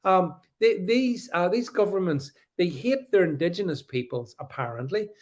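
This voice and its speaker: A man's voice: high voice, lively intonation, moderate pace, darkish tone. A man hosting a political commentary livestream, reading out viewer comments and answering them emphatically and sarcastically, with frequent restarts and stammers. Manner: sarcastic asides.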